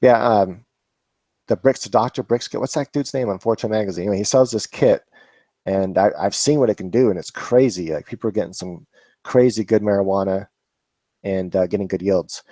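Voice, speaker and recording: A man's voice: lowish voice, fairly quick, dark tone, no room sound. A man hosting a live Q&A, chatting casually and rambling with laughs and swearing. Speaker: vlog host answering viewer questions.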